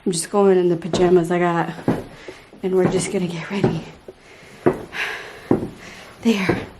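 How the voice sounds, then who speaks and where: A woman's voice: fairly low pitch, level tone, a little slow, very noisy. A woman in her thirties talking candidly to camera in a casual home vlog, chatting directly to her viewers. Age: 30s. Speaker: vlogger.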